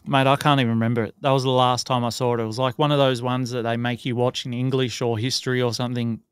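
A man's voice: mid-range voice, level tone, quick pace, clean tone, no room sound. Chatty man reading footy stats. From Australia. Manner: chatty, rattles off stats, self-mocking. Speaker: podcast co-host. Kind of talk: casual sports podcast chat.

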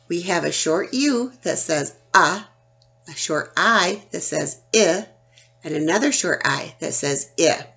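A woman teacher leads a children's phonics lesson in a lowish, gravelly voice with lots of vocal fry. She speaks very slowly and sounds out each letter carefully. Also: a bit bright. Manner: slow, deliberate, sounding out letters one by one.

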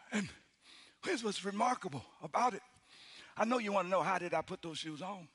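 Brisk but pausing often, a middle-aged pastor with a high, husky voice tells a story in his sermon. The performance is animated, shifting between booming shouts and soft near-whispers.

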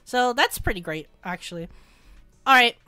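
An excitable woman narrates her gacha pulls in a high, bright voice with an unhurried pace. Her delivery is dry and close, with faint music playing underneath. When luck strikes, she bursts into shrieking, repeated exclamations. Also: clear, resonant tone, no room sound. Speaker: gaming channel host. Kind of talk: casual gacha pull commentary.

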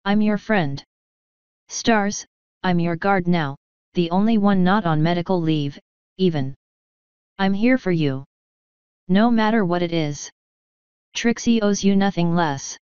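A woman's voice: on the low side, unhurried, long pauses, darkish tone, clean tone, no room sound, natural voice. Woman reading a loyal unicorn guard. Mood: earnest. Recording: dull lo-fi dry recording.

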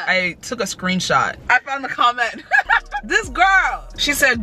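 A young woman, chatting excitedly in a casual vlog and laughing often. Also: on the low side, moderate pace, slight background noise. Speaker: vlogger.

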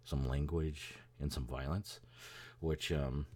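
Casting: male podcast host, very low voice, loose profane rambling with chuckles. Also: fairly even intonation, slow pace, dark tone. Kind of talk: casual chat.

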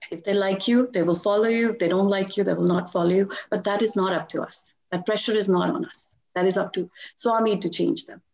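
A middle-aged woman sharing personal devotional stories in a lively talk, laughing often as she tells them. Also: mid-range voice, brisk, creaky, few pauses. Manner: animated storytelling with frequent laughs.

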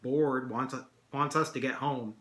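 A man reading a story aloud and voicing a quiet, introverted teenage boy in a low-key way. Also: steady tone, measured pace, lightly acted. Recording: echoey room.

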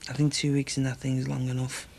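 An actor playing a moody young husband from in a TV soap. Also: male voice, mid-range voice, monotone, quick pace, creaky, a little mellow, a little hiss or hum, lightly acted. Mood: forgiving.

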